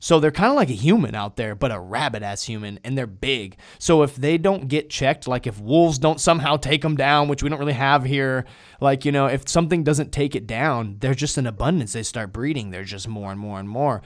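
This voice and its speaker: A young man telling a story on a podcast in a casual, animated way, full of swearing and slang like "bro" and "dude". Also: mid-range voice, brisk. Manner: animated, profane, slangy, drifts into acted-out quotes.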